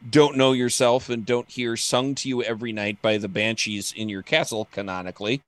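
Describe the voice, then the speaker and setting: Guy doing a bragging old undead knight, offhand and flat, pretty dry sound. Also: medium pitch, normal speed, no echo, close to an everyday voice. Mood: boastful. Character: grim old male undead knight, boastful.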